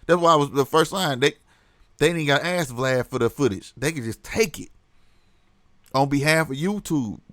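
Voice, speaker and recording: Animated man with a fairly high voice. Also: moderate pace, no room sound. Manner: animated, laughs a lot, reads chat aloud. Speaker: livestream host. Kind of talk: casual livestream commentary.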